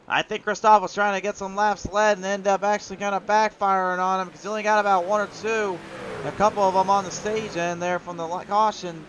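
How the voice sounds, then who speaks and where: A race commentator from Iowa, USA, calls sim racing play-by-play in a high-pitched, brisk voice over background noise. Between calls he chats with viewers, reads their messages aloud, and builds to excited calls.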